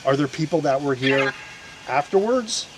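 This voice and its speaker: A man's voice: a little high, lively intonation, normal speed. A man hosts a paranormal outing outdoors, speaking through a handheld camera mic. He rambles and restarts as he chats with his viewers, with a faint hiss of noise underneath. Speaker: paranormal investigator host. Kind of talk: casual on-camera commentary. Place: outdoors in a historic park field.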